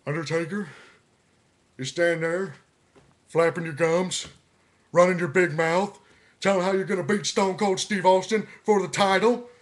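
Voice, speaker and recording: A man's voice: sits high, fairly even intonation, a little slow, pauses often, voice pushed up. A man doing a brash wrestler. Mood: trash-talking. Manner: loud, drawling, aggressive trash talk. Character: brash loud male Texan wrestler, trash-talking.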